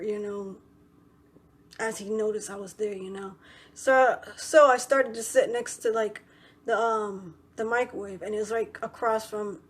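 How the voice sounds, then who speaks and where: Rambling young woman vlogger, higher voice. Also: husky. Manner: rambling, fills with "you know" and "right". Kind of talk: casual storytelling to camera.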